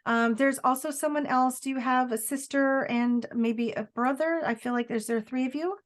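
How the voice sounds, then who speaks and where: A woman psychic medium gives a live reading, feeling her way through each message with fillers and restarts. Her voice sits fairly high. She often slips into quoting the spirit in first person. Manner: halting, searching delivery with many fillers and restarts.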